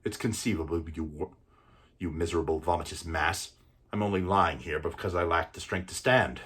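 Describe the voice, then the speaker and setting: A defiant young hero who is too weak to stand but full of scorn, as a man acts him out alone. The delivery is taunting and husky. His voice sits low. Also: normal speed, fairly bright tone. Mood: scornful. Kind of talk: one-man film recital.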